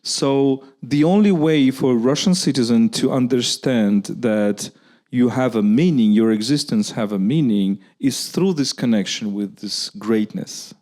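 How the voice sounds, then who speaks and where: A man's voice: medium pitch, measured pace, mellow. A man with a Ukrainian accent speaking as a guest at a live public conversation, arguing earnestly and often restarting his sentences. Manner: earnest, argumentative, with frequent restarts.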